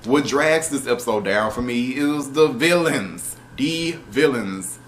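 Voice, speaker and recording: A man reviewing a show episode in casual, animated talk, exasperated and profane, with laughing asides. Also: medium pitch, unhurried, a little hiss or hum.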